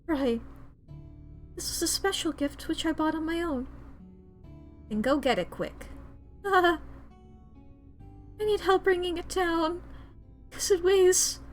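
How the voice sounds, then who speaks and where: A woman's voice: very high voice, pitched above the performer's own voice, full character voice. A woman voicing a chirpy young female office coworker in a video game, with a bubbly put-on foreign accent.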